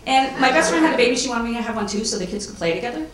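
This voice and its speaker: Middle-aged woman comic, deadpan with sudden squeals; lively pitch, echoey distant club recording. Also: racing, few pauses, a loud crowd. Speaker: stand-up comedian. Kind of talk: stand-up comedy set. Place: comedy club stage before a laughing audience.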